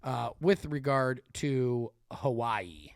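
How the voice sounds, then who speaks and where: Animated rambling male podcast host. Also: mid-range voice, slow, vocal fry, dry recording, clean studio sound. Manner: animated, rambling, frequent restarts and fillers. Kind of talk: casual podcast chat.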